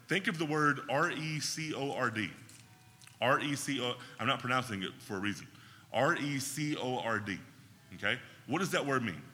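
A man's voice: medium pitch, sharp tone, long reverb tail. A man teaching a Bible class in a conversational way, often checking in with his listeners.

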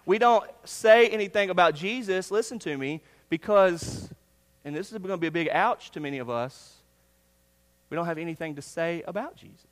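A male pastor preaching a sermon, earnest, swinging from loud emphasis down to hushed, near-whispered lines. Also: sits high, normal speed. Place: church sanctuary. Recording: long reverb of a church hall.

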